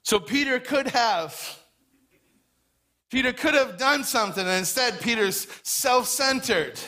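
A man preaching a lively sermon as pastor, acting out quoted voices and repeating words for emphasis. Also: very high voice, unhurried.

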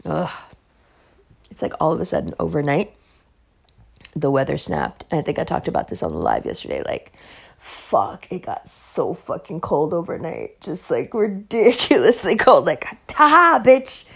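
A woman's voice: low-pitched, very animated, normal speed, vocal fry, a little mellow, husky. A woman hosting a podcast in a casual, rambling monologue, blunt and emphatic, swearing heavily. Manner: loose, rambling asides. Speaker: podcast host.

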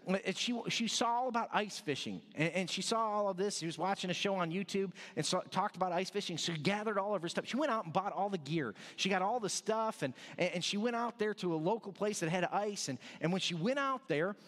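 A male pastor preaches in a high, slightly bright voice, talking fairly quickly with almost no pauses. His sermon is loose, jokey and conversational, and he often restarts his sentences. A long hall reverb trails his words.

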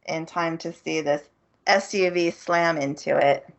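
A woman co-hosting a podcast, recapping a show's plot in a casual, animated way and acting out the characters' lines. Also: low-pitched, measured pace, creaky. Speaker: podcast co-host. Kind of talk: casual chat. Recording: muffled lo-fi audio.

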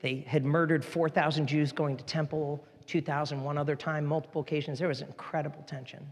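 A man preaching a sermon as pastor, animated and jokey, jumping between topics. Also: fairly high pitch, brisk. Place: large church hall. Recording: long hall reverb with faint music.

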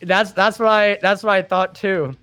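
A man with a high voice hosts a casual live stream and reads viewer comments aloud. He talks into a desk microphone with a close, dry sound. He rambles in a chatty way, laughing and restarting his sentences. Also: fairly even intonation, moderate pace, sharp tone, clean tone, no room sound, faint music behind. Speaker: host and admin of a trucking group. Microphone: desktop microphone.

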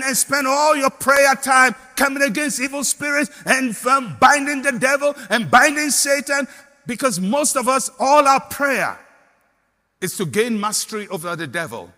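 An older Ghanaian man preaching a sermon as pastor, impassioned and rising to shouts on repeated declarations. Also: very high-pitched, animated, measured pace, long reverb tail.

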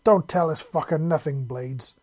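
A man yelling as a crude bullying raider. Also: a little high, measured pace, breathy edge. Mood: angry shouting. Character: heavy-set bullying male raider.

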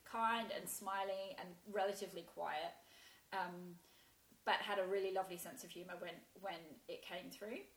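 A woman telling a painful personal story in a halting way, with many restarts and fillers. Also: mid-range voice, fairly even intonation. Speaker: guest sharing a personal story. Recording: roomy echo.

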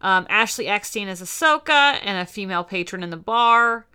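A woman's voice: mid-range voice, expressive, moderate pace, pushed and bright, smooth. A woman co-hosting a casual podcast, chatting and reading off a cast list. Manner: chatty, reads cast lists, bursts into silly voices. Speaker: podcast co-host. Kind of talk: casual chat.

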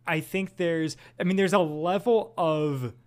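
A man as a podcast guest, deadpan and thinking aloud with many fillers. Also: on the high side, measured pace. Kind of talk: casual podcast chat.

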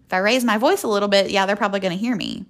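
A woman's voice: medium pitch, very fast. A young woman speaking earnestly and folksily as the host of a faith podcast. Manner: earnest, folksy, with soft laughs.

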